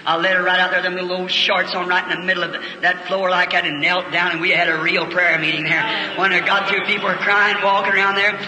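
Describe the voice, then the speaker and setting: A man preaching a revival sermon, telling a story in earnest and slowing into fervent prayer. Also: high voice, little pitch movement, a crowd in the background. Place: church auditorium. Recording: old echoey hall recording with faint hiss.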